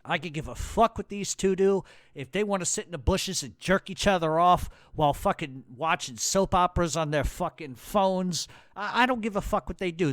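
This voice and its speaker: A podcast host with a New York accent delivers a blunt, heated rant full of swearing. His voice sits high with a fairly bright tone, and the recording is dry and studio quality.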